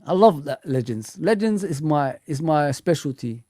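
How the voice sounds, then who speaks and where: A man's voice: a little high, animated, normal speed, mellow, dry recording, clean studio sound. A man hosting a live football fan stream, teasing viewers, bantering and swearing often. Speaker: football fan channel host.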